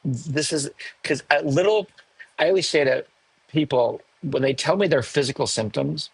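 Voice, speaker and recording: A man in his sixties, a podcast guest, telling a personal story candidly, emotional and animated with self-mocking asides. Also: fairly high pitch, moderate pace, gravelly, husky, no echo, rough recording. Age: 60s. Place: home in the hills above a large city.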